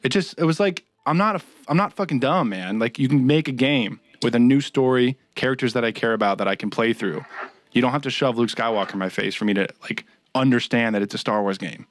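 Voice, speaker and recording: A man's voice: mid-range voice, brisk. A young man co-hosting a casual podcast, ranting and swearing in frustration. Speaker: podcast co-host.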